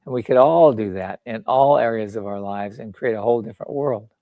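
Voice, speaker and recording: A man's voice: mid-range voice, fairly quick, dry recording, phone-quality sound. An older man, an author and founder, talking bluntly in a casual interview, swearing freely and telling jokes. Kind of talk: casual conversation.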